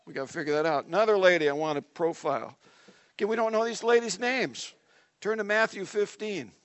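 A man with a notably high voice preaches a sermon to his congregation. He talks in a conversational, animated way and often breaks off for dramatic asides. His loudness swings from soft, intimate remarks to emphatic lines. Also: fairly quick. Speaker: pastor.

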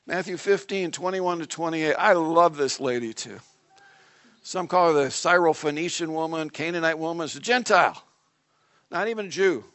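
A man with a notably high voice preaches a sermon to his congregation. He talks in a conversational, animated way and often breaks off for dramatic asides. His loudness swings from soft, intimate remarks to emphatic lines. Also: moderate pace. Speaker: pastor.

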